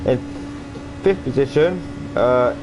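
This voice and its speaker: A man's voice: medium pitch, slow pace, lo-fi sound. A man casually commentating a sim racing stream, rambling and chatty with lots of fillers and restarts. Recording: noisy home stream audio.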